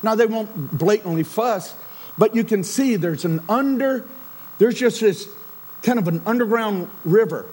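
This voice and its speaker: High-voiced man preaching a sermon. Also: husky, low-quality recording. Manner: dramatic swings from loud to near-whisper. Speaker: pastor.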